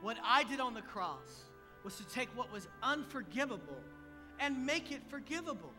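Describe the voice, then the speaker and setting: An actor playing a calm, gentle Jesus who speaks in a measured way, in a church skit. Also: male voice, very high-pitched. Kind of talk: stage drama acting. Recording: echoey church hall with music.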